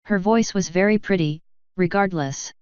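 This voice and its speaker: A woman narrating a fanfiction audiobook in an even, clear read-aloud manner. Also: medium pitch, normal speed, no echo, highs cut off. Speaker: fanfiction reader.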